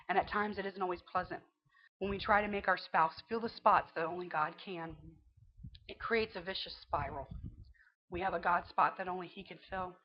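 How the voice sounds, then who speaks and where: A woman's voice: fairly low pitch, muffled recording. A woman giving an earnest, conversational devotional teaching, quoting scripture and telling stories from her own marriage. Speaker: Christian teacher.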